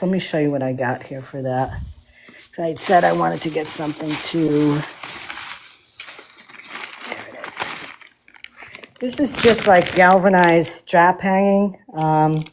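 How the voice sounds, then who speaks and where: A woman's voice: lowish voice, a little mellow. A woman hosting a casual livestream while working on a project, talking with many fillers and breaking into playful laughter. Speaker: livestream host refinishing furniture.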